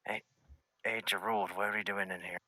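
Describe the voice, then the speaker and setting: A man's voice: on the low side, flat delivery, normal speed, sharp tone, no echo. A man voicing a cranky old god of lore. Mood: grumpy.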